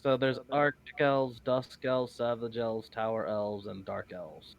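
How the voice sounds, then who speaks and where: A man playing in a tabletop game, explaining things in a halting way with many fillers. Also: mid-range voice, steady tone, vocal fry, a little hiss or hum. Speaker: player. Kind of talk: casual tabletop game chat.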